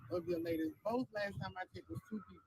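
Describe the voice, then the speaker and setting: A woman's voice: mid-range voice, fast, background noise. A woman playing a sarcastic, needling mother in a comedy skit.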